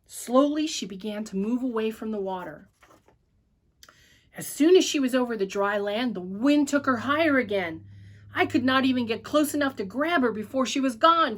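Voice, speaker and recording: A woman reading a children's story aloud at church with an expressive, animated delivery. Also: high-pitched.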